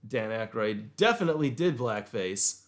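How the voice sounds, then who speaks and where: A man hosting a casual chat, telling stories in a rambling, animated way. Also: medium pitch, moderate pace. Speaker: podcast host. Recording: echoey room.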